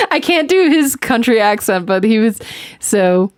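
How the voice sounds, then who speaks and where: A woman's voice: on the high side, very animated, takes it slowly, dry recording. A woman hosting a podcast in casual chat, giggling often and rambling as she talks. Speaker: podcast host.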